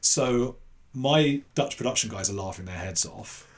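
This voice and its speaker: English man, podcast guest, lively anecdote teller, jumps into other people's voices. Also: medium pitch, measured pace. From England. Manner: animated storyteller who acts out other people's voices. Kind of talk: casual anecdote in an interview.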